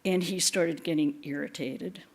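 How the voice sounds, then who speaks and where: A woman giving a spiritual talk in a temple, telling stories gently, with soft laughs and quiet asides. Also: sits low, unhurried, gravelly, breathy edge. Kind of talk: sermon.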